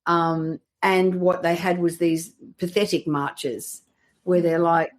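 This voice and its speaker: A woman's voice: fairly low pitch, fairly even intonation, takes it slowly. A woman hosting a podcast, chatting casually with dry, joking humor. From Australia. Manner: dry joking, acts out voices in anecdotes. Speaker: podcast host. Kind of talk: casual chat.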